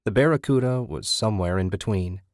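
A man narrating a novel in a steady, measured voice that sits on the low side. The recording is dry and close, with no room sound around him. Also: no room sound. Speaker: audiobook narrator. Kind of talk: scripted narration.

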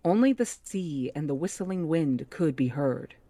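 A woman reading a novel aloud as the host of a book club podcast. She reads steadily and corrects her slips as she goes. Her voice sits a little low, and the sound is dry and close. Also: expressive, measured pace, mellow, no echo.

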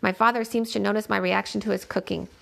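Woman narrator, first-person audiobook; measured delivery, heavy gravel. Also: medium pitch, fairly even intonation, fairly bright tone. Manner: measured, plain storytelling.

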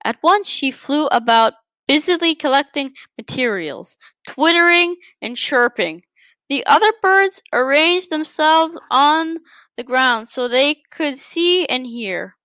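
Woman reading a kids story out loud, high voice, slow, trips over words sometimes. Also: expressive, no room sound. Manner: careful reading with frequent stumbles and restarts. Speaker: story reader.

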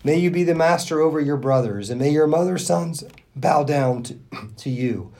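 A man with a somewhat high but soft, mellow voice reads scripture aloud on a podcast. He shares the reading with a co-host and gives the quoted speech an expressive lift. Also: normal speed, creaky. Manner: expressive reader who lifts his voice for quoted speech.

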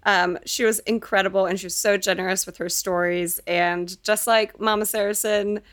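Enthusiastic woman podcast cohost, gushy and warm chat. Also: medium pitch, fairly even intonation, moderate pace. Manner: enthusiastic, gushing. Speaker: podcast co-host.

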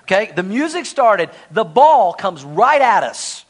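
A male pastor preaches with a bright, high-pitched voice, rushing through a comic personal story. He jokes with the congregation, then slows down to drive home his point. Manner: storytelling, animated and joking. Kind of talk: sermon.

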